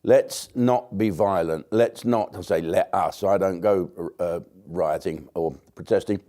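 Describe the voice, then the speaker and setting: A British comedian talking in a rambling, blunt monologue to camera, with sarcastic asides and swearing. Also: male voice, deep voice, measured pace, mellow. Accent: British English. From Britain.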